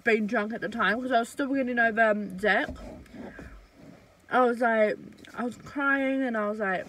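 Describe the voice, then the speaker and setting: A young woman vlogging a casual storytime, chatty and blunt, swearing freely and filling pauses with "um" and "like". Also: on the high side, a bit bright, a little hiss or hum, low-quality recording.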